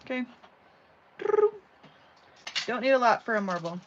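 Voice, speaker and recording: A woman's voice: fairly high pitch, unhurried. A woman hosting a casual live craft tutorial from home, chatting and rambling with lots of "you know" and "like". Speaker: craft channel host. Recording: slightly dull audio with faint background hum.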